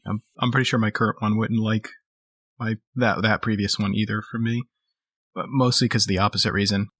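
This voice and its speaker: A dry, understated man co-hosting a tabletop roleplaying podcast. His voice is low and a little husky, with wry comments dropped in between the others' remarks. The mic is close, in a dry room. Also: little pitch movement, a little fast, fairly bright tone, dry recording. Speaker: podcast co-host, player. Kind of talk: casual chat about tabletop roleplaying.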